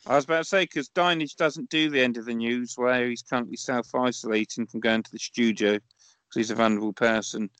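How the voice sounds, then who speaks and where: A man's voice: medium pitch, fairly even intonation, brisk, a bit bright, clear, resonant tone, no room sound. A man co-hosting a podcast in casual chat, making dry, wry remarks. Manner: dry, wry one-liners. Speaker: podcast co-host.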